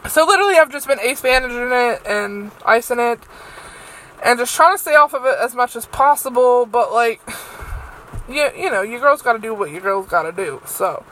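A woman's voice: fairly high pitch, expressive, normal speed, fairly bright tone, rough recording. A young woman hosting a solo podcast, rambling and swearing freely with lots of fillers. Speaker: podcast host.

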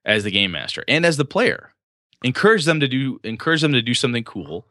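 A man hosting a casual talk about running tabletop games, animated and laughing, acting out scenes and swearing freely. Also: mid-range voice, fairly quick, no echo, studio quality. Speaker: podcast host and game master.

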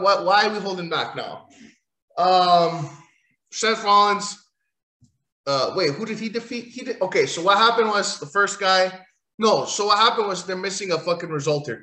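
A man's voice: sits high, sharp tone. A man giving a rambling, sarcastic, profane recap of a wrestling show. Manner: sarcastic, rambling, swears often. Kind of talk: casual profane rant recap. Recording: echoey room.

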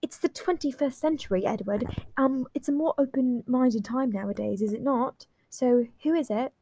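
A woman's voice: sits high, moderate pace, warm tone. A woman reading a blunt, nosy teenage girl. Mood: prodding.

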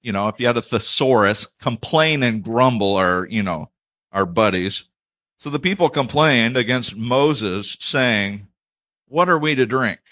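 A man's voice: fairly low pitch, a little slow, fairly bright tone. A man preaching a sermon, reading scripture aloud and breaking off into conversational, self-deprecating asides. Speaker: pastor.

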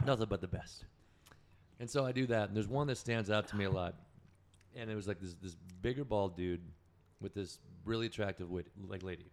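A man's voice: lowish voice, fairly quick. A man telling stories as a podcast guest in casual chat, rambling, profane and correcting himself as he goes.

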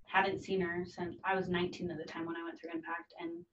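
A woman in her thirties speaks earnestly and from the heart, with a slightly low voice. She acts out other people's voices as she talks. The recording is muffled and picked up from across an echoey room. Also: flat delivery, fairly quick, a bit bright, a little hiss or hum. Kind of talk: casual conversation. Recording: dull, distant, echoey room.

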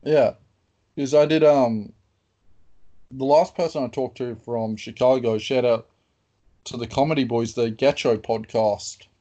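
A man's voice: medium pitch, steady tone, measured pace, long pauses, mellow, dull audio. A man hosting a podcast, chatting casually and often hesitating with ums while he thinks aloud. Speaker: podcast host.

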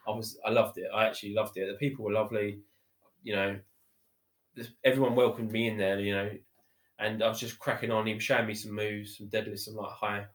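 A podcast guest, a man with a somewhat low voice, tells his story in a warm, rambling, casual way. He's chatty and repeats himself, restarting sentences often and leaning on fillers like "you know" and "literally." The room gives his voice a noticeable echo.

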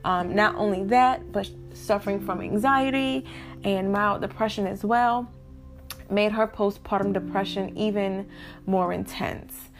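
A young woman talks openly and plainly to her audience in a casual vlog, her voice in an ordinary middle register. She keeps breaking off for hiccups. A soft guitar plays faintly behind her. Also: medium pitch, a little slow. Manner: candid, talks straight to viewers. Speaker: vlogger. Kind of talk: casual talk to camera.

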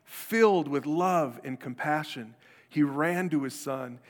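A man's voice: on the high side, slow pace. A man preaching a sermon as pastor, in a conversational style that acts out the people he quotes. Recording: long hall reverb.

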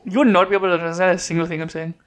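High-voiced young man, joking podcast chat. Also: fairly even intonation, racing. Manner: joking, swears freely, laughs often. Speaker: podcast co-host. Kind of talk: casual chat.

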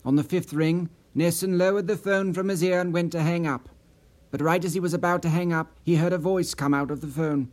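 A man narrating an unabridged audiobook in a measured, expressive storytelling manner. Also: on the high side. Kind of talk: scripted narration.

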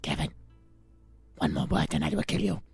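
A man's voice: very deep voice, normal speed, darkish tone, slightly rough, no room sound, faint music behind, pitched below the performer's own voice, exaggerated voice. A man voicing a scrawny, panicky kobold crook who stammers and flusters. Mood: frantic.

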